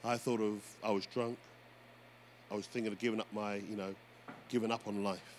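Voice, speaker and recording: A man preaching a sermon as pastor, telling stories with lively energy and calling out to the congregation. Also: fairly low pitch, moderate pace. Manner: animated storytelling preacher, often addressing "folks". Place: church. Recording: faint background noise.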